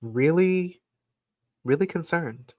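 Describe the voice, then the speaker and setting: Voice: medium pitch, expressive, slow pace, dark tone, dry recording. A person giving casual astrology and tarot readings on a live stream, chatty and playful, talking close to a microphone. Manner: playful, chatty, laughs often. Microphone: desk microphone, close.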